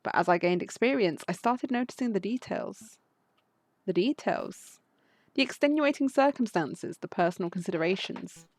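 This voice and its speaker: A woman's voice: medium pitch, animated, moderate pace, no room sound. A woman reading the lines of a principled male wolf prosecutor from a game, in earnest, reflective speech.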